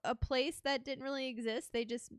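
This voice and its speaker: A woman's voice: high voice, moderate pace, clear, resonant tone, dry recording, studio quality. A young adult woman hosting a podcast, chatting casually and acting out the people in her stories. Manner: animated storyteller, acts out quotes. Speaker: podcast host. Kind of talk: casual chat.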